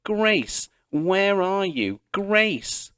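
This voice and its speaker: A man's voice: a little high, expressive, slow, no echo, clean studio sound, pitched above the performer's own voice. A man reading the part of an alarmed pioneer mother giving urgent orders to her daughters. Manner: urgent, commanding.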